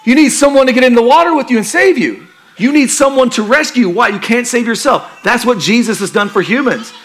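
A male pastor preaching a sermon in a conversational, joking style that turns quiet and earnest for emphasis. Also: very high-pitched, animated, fairly quick.

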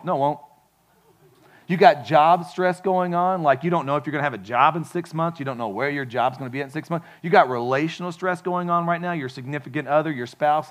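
Man, pastor preaching, casual conversational sermon, slightly high voice. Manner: casual, animated and conversational, with frequent "like" and asides to the congregation.

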